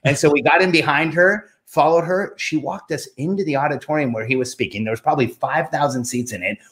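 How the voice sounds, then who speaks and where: Bright-voiced man telling a lively story. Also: on the high side, a little fast. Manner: animated anecdote teller, quoting himself in rising voice. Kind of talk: casual storytelling.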